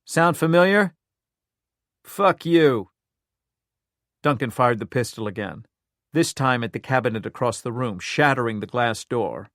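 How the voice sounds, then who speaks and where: A man narrating a crime thriller with steady, measured storytelling. His voice sits at a middle pitch, and the recording is dry and close, with no room echo. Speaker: audiobook narrator. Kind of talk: scripted narration.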